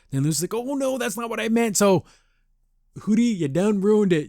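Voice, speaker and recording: A man's voice: high voice, lively intonation, moderate pace, darkish tone, dry recording, studio quality. A man hosting a podcast and reviewing a cartoon episode in a casual, rambling way, often acting out characters' lines in exaggerated voices. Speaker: podcast host.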